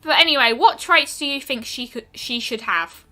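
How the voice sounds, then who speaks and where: A woman talking her way through a game stream with a bright, slightly high voice. She muses aloud, often pausing on an "um" before finishing a thought, while soft game music plays behind her. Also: expressive. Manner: chatty and musing, trailing off with frequent ums. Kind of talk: casual gameplay commentary.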